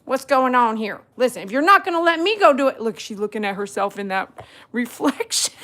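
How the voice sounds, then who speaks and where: Woman, high, animated voice; playful, scolding home talk to her pets, frequent laughter. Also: brisk. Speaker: vlogger, dog groomer. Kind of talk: casual talk to her dogs. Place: at home indoors.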